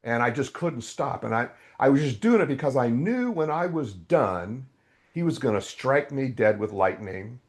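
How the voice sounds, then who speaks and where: A man's voice: medium pitch, sing-song, normal speed. A middle-aged man, a podcast guest, telling his faith story in a raw, candid way and acting out his own past outbursts. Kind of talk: candid testimony in an interview.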